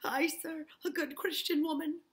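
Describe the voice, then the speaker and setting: A woman's voice: high voice, steady tone, moderate pace, pitched above the performer's own voice, close to an everyday voice. A woman reading aloud and voicing a frightened woman accused of witchcraft, who pleads her innocence in a broken dialect. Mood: pleading.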